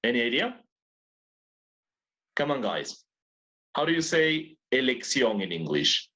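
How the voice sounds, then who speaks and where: A man leads an English lesson over a video call. His voice rises and falls a lot, which keeps it lively. He patiently repeats each question until a student answers. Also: medium pitch, measured pace, rough recording. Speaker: English teacher. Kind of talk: online class teaching.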